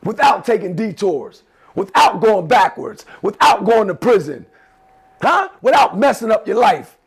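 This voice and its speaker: A man's voice: high-pitched, very animated, measured pace, breathy edge. A man giving an emphatic motivational talk to a class of teenagers, leading them in repeated affirmations. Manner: emphatic, repetitive, leads call-and-response affirmations. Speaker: motivational speaker.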